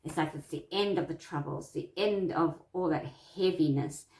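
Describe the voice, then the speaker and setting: A woman's voice: low voice, normal speed, echoey room. A woman teaching tarot in a casual, reassuring way, repeating her points and laughing often. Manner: warm, repetitive, reassuring, with frequent laughs. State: itchy eyes from allergies. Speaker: tarot teacher and psychic medium. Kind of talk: casual instructional talk.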